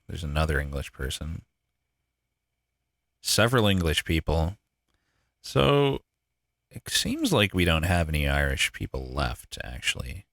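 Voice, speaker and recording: A man's voice: very deep voice, a bit bright, no room sound, studio quality. A man streaming a game live, thinking aloud with casual swearing and frequent laughs. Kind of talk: live gameplay commentary.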